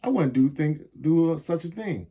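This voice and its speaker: A man's voice: on the high side, animated, measured pace, dark tone, husky, highs cut off, voice pushed up, full character voice. A man voicing a bossy, teasing cartoon girl in a storybook reading, with a sly sing-song manner.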